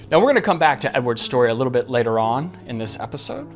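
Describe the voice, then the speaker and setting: A man's voice: medium pitch, expressive, fast. Earnest man telling a story over guitar. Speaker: podcast host. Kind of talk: storytelling narration. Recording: faint guitar music behind. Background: soft guitar music.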